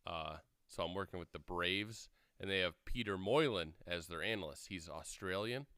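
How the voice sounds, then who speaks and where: A man's voice: low voice, normal speed, sharp tone, clean tone, no echo, studio quality. A man co-hosting sports talk radio who chats and tells stories with a laugh. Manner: chatty, laughing while telling stories. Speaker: radio co-host.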